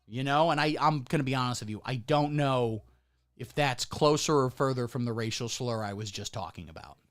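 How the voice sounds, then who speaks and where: A man hosting a comedy livestream, ranting sarcastically and crudely in a mock-pundit persona, lurching between loud outbursts and muttered asides. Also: mid-range voice, lively intonation, fairly quick. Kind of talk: satirical political comedy rant. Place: indoor room under hot studio lights.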